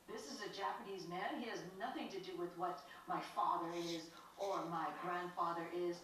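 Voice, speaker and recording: Mulher americana, entrevistada de documentário, fala intensa e sincera com recomeços, voz um pouco grave, som ecoante e distante. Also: female voice, fairly low pitch, fairly even intonation, fairly bright tone. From United States. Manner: earnest, impassioned, with halting restarts. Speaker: interviewee. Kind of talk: documentary interview. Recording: echoey, distant, slightly noisy.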